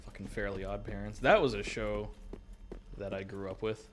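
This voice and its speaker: A man's voice: fairly low pitch, normal speed, a little hiss or hum. A young man giving casual live gameplay commentary, joking at himself and swearing often. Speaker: streamer.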